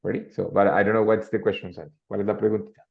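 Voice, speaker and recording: A man teaching English in an online class, speaking. His voice sits low with a gravelly edge. He moves between English and as he walks through examples, and the sound is dull and lo-fi. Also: steady tone, very fast. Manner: switches between English and Spanish, explaining with examples.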